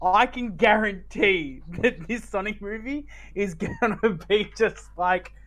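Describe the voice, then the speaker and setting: A co-host talking slowly, with a pitch that swings up and down a lot. The tone is sarcastic and sweary, full of mocking asides in casual podcast chat. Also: animated, fairly bright tone.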